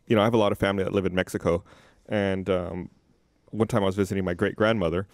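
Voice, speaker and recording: A man's voice: deep voice, steady tone, quick pace, dry recording. Chatty man telling a rambling story. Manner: rambling, filler-heavy anecdote telling. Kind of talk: casual storytelling chat.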